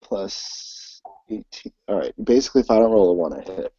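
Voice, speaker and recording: Guy running a tabletop game, low mellow voice, lots of ums, muffled dry sound. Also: slightly rough, dry recording. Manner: halting, lots of ums and restarts. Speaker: game master.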